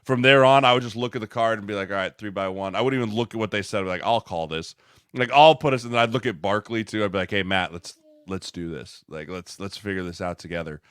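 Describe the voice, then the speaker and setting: A man's voice: lowish voice, fast, a bit bright, smooth, no room sound, studio quality. A man co-hosting a casual podcast, telling stories and acting out dialogue. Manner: chatty storyteller acting out dialogue. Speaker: podcast co-host, former lineman.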